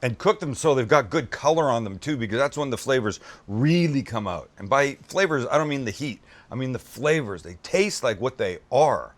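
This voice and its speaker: A man's voice: medium pitch, expressive, moderate pace, few pauses. A man hosting a casual cooking show. He gushes over the food with exclamations and chats with his crew as he builds a dish. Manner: gushing, exclamatory praise of food; chatty asides to crew.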